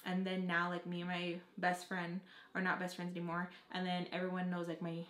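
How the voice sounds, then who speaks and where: A woman's voice: lowish voice, completely flat delivery, a bit bright. Chatty young woman in an echoey room. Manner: fast casual talk, heavy on "like", swears freely. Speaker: vlogger. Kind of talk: storytime vlog.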